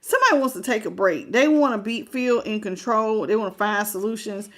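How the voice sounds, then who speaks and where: A woman's voice: medium pitch, animated, fairly quick. A woman hosting a live tarot reading. She talks frankly and folksily, greets viewers by name and calls them baby. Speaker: tarot reader.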